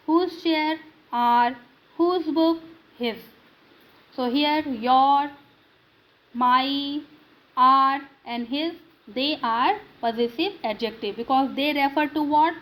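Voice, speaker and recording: A woman's voice: high voice, rough recording. A woman teaching a grammar lesson, drilling students with questions and answers in non-native English.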